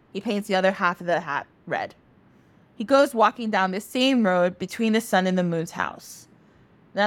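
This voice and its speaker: A woman podcast host retelling a myth in a casual, animated way, swearing freely. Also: medium pitch.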